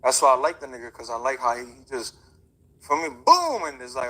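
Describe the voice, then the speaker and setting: A man's voice: mid-range voice, sing-song, quick pace, pushed and bright, poor audio. A man, a boxer, telling a story in a casual, slangy, rambling way with many fillers. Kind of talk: casual interview chat.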